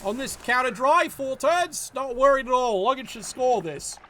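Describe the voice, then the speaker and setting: A man commentates on a game live in a very high, bright voice. He swears often and sounds exasperated as he scolds the players' choices. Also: animated, normal speed, slight background noise.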